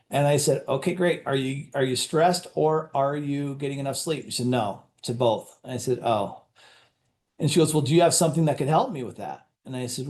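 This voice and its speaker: A man's voice: medium pitch, darkish tone. A man, a company executive, giving an enthusiastic motivational presentation to sales leaders, telling stories with acted-out dialogue and often restarting his words.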